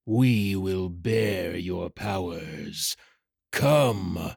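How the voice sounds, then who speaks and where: A man doing a slow, deep, menacing shadow rider. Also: vocal fry, a little mellow, slightly rough, dry recording, clean studio sound, full character voice. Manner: slow, low, commanding. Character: faceless male shadow rider, looming and menacing.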